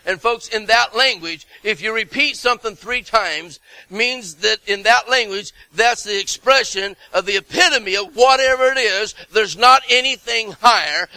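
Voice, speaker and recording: A middle-aged man preaching a fervent sermon, breaking into shouts of repeated words and folksy asides to the congregation. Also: high voice, normal speed, few pauses, dry recording, poor audio.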